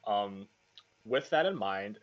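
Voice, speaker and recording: Male player, joking, mid pitch, lo-fi dull mic. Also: animated. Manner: quick jokes, chuckling. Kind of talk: casual tabletop chat.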